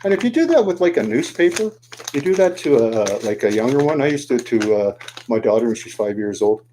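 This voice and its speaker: Animated man telling a folksy tale. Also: mid-range voice, a little fast, a little hiss or hum. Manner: animated, asks the listener questions; folds a paper boat while talking. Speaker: storyteller. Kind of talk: oral storytelling to the camera.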